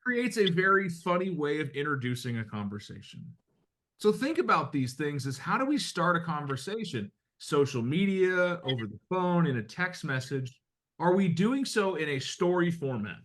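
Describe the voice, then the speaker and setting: A man's voice: fairly high pitch, big pitch swings, normal speed, fairly bright tone. A middle-aged man from the United States coaching real estate agents in a blunt, conversational way, with some mild swearing. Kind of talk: motivational talk to agents.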